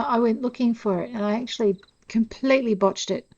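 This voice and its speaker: A woman's voice: on the high side, fairly quick, darkish tone, highs cut off. A woman chatting casually to her viewers as she plays a game, self-deprecating and talkative. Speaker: gameplay narrator. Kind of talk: casual let's-play commentary.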